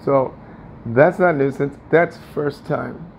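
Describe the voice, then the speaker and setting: A man's voice: mid-range voice, slow pace, creaky, lo-fi sound, slight background noise. A man venting in a personal vlog from his apartment, aggrieved and repetitive, often swearing. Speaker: tenant vlogger. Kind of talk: agitated personal vlog rant.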